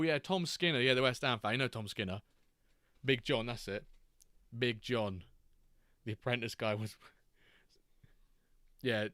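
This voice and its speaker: A man with a medium-pitched, fairly bright voice hosts a live stream, chatting casually and cracking jokes as he reacts to the chat and the games. The audio is clean studio quality with no room sound.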